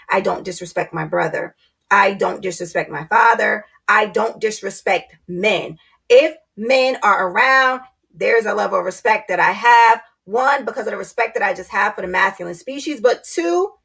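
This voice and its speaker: A woman's voice: medium pitch, creaky, a bit bright, husky. A woman vlogger giving blunt, candid relationship advice in a casual talk to camera, speaking straight to her viewers.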